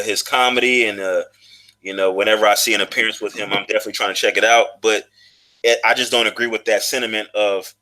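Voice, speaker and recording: A man's voice: medium pitch, bright, forceful tone. A man in his thirties telling a personal story in a loose, profane, casual monologue, full of fillers and restarts. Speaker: vlogger.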